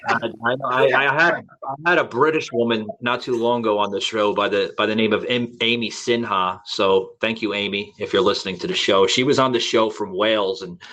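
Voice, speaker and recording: A man's voice: fairly low pitch, fairly quick, few pauses, pushed and bright. A man from the United States hosting a podcast in casual chat, rambling with many fillers and restarts. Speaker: podcast host. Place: Florida.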